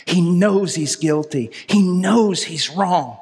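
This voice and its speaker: Man, middle-aged, preacher, impassioned sermon, high voice, long hall echo. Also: lively intonation, takes it slowly, slightly rough. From United States. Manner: impassioned, swings from loud pleading to low intensity. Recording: long reverb of a large hall.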